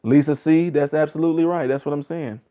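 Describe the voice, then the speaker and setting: A man's voice: fairly even intonation, quick pace, warm tone, muffled recording. A man in his late thirties talking casually on a live stream, reading out viewer comments and earnestly repeating his points. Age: 30s. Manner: earnest, repetitive, acts out other people's replies in a higher voice.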